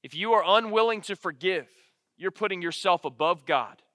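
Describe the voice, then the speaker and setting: A man preaching with a high, ringing voice. He speaks earnestly and repeats his key lines for weight. The mic is close and dry, but a long hall reverb trails behind each phrase. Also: normal speed, pushed and bright. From Alabama, United States. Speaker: pastor. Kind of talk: sermon.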